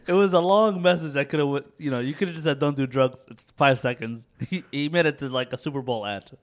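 A man co-hosting a casual podcast chat, joking and quick to laugh. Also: a little high. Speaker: podcast co-host.

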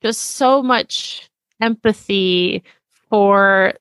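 A woman's voice: medium pitch, extremely slow, a bit bright, clear, resonant tone, dry recording. A woman being interviewed as a memoir author, speaking reflectively and casually with lots of "like". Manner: reflective, casual, uses "like" often.

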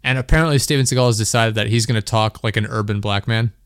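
A man's voice: lowish voice, fast talker, dry recording, clean studio sound. Rambling, laughing young male podcast host. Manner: rambling, laughing storytelling, lots of "like". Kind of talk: casual chat.

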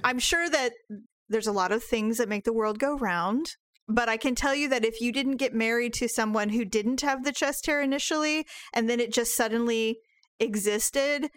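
A woman with a high, bright-pitched voice chats casually on a podcast. She rambles through stories, laughs easily and swears freely. The sound is dry and close. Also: moderate pace, dry recording. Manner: chatty, laughs often, swears. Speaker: podcast co-host. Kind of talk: casual chat.

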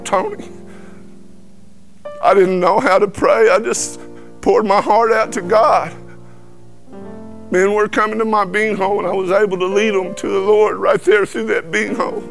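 A man with a drawl tells his life testimony in a folksy, animated way, slipping into the voices of the people he quotes. His voice sits a little high for a man. Soft music plays faintly behind him. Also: vocal fry. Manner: animated storyteller who acts out quoted dialogue. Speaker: guest giving testimony. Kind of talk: folksy personal testimony storytelling. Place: truck cab.

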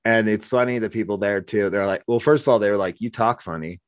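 Man, forties, from Wyoming, host, low voice, animated storyteller, dry close sound. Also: fast talker, smooth, dry recording. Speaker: podcast host. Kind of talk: casual conversation.

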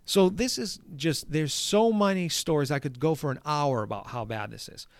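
A man telling a story in casual conversation. He swears often and acts out the lines he shouted. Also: a little high, moderate pace, no room sound, studio quality. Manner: profane, animated, acts out shouted quotes. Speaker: golf course superintendent.

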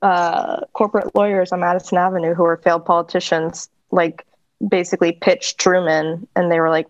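A woman's voice: lowish voice, little pitch movement, fairly quick, dry recording. Sardonic chatty woman, slightly muffled. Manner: chatty and sardonic, filler-heavy. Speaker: podcast co-host. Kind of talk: casual chat.

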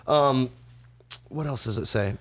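A man's voice: medium pitch, measured pace. A young man in casual podcast chat, rambling with lots of fillers, laughing and swearing as he retells a plot.

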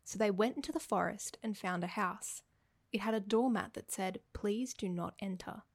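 A woman co-hosting a podcast, reading her own old story aloud in a flat storybook cadence. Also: medium pitch, normal speed, dry recording. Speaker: podcast co-host.

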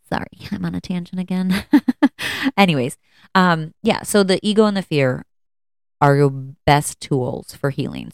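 A low-voiced woman in her thirties chats on her solo podcast about parenting, rambling off on tangents and poking fun at herself. Her voice is smooth and clear, recorded close and dry with no room sound. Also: no room sound. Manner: rambling, candid, self-mocking, bursts into high excited voices. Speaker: podcast host. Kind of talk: casual solo podcast talk.

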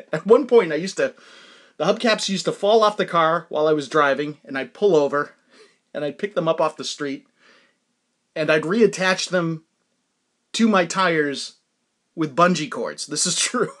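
A man's voice: on the high side, moderate pace, pauses often, fairly bright tone. Laughing man telling rambling stories. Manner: rambling, self-amused, laughs at his own stories. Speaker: podcast host. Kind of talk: solo storytelling podcast.

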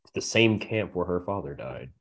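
Low-voiced man with dry verdicts. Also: lively intonation, normal speed. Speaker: podcast co-host. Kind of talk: casual movie review chat.

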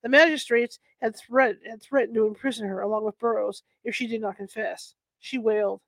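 A woman's voice: fairly high pitch, steady tone, fairly quick, dry recording. A woman with allergies reading a nonfiction history book aloud in a casual way, stumbling over words, correcting herself and adding chatty asides. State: bothered by allergies.

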